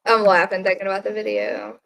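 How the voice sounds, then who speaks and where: A woman's voice: medium pitch, little pitch movement, fairly quick, gravelly, a bit bright. A woman hosting a casual livestream from home at night, chatting and giggling with her viewers and talking to her pet. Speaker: livestream host. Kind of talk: casual live chat with viewers.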